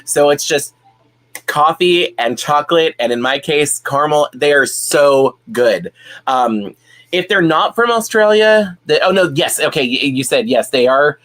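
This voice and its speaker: A man's voice: fairly high pitch, animated, a little slow, a bit bright. A man hosting a casual live stream at home, chatting and reading viewer comments, rambling with many fillers and restarts.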